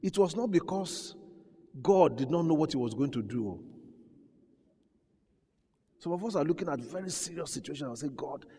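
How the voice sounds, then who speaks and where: A man preaching a sermon, dropping to a hush and then rising to loud, emphatic peaks while he acts out voices. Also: a little high, animated, normal speed, pauses often, slightly rough. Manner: preaching with dramatic swings from quiet to loud, acting out quoted voices. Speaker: pastor. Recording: long hall reverb.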